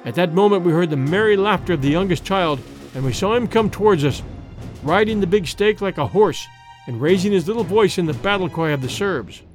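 Expressive male storybook narrator. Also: high voice, brisk. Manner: expressive, dramatic first-person storytelling. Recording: dry close recording with faint music.

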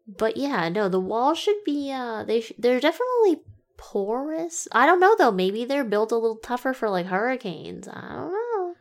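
A woman's voice: a little high, expressive, moderate pace. A woman co-hosting a casual movie review chat, making dry, wry jokes. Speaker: podcast co-host.

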